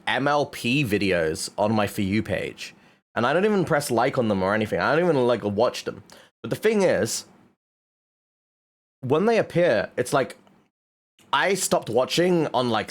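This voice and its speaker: A man streaming and chatting casually, animated, swearing often and laughing a lot. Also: medium pitch. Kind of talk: casual chat.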